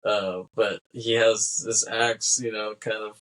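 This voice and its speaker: A man's voice: on the low side, flat delivery, slow, a bit bright, poor audio. A man co-hosting a podcast, casually recapping a film scene by scene, acting out the characters' lines and laughing between them. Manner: rambling recap with acted-out quotes and laughs. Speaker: podcast co-host.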